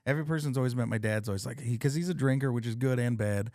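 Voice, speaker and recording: Man, podcast host, casual storytelling, swears a lot, middle pitch, dry room. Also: very fast, dry recording. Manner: profane, animated storyteller.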